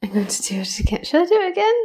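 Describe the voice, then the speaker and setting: A woman's voice: high-pitched, big pitch swings, very fast, darkish tone. A woman chatting casually as a podcast guest, giggly and self-deprecating. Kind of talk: casual chat.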